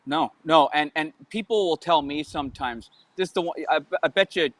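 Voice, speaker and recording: A man's voice: a little high, normal speed, a bit bright, no echo. A man with a Canadian accent, a guest comedian on a podcast who rambles and stammers, then puts himself down. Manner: rambling, stammering and self-deprecating. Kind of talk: podcast chat.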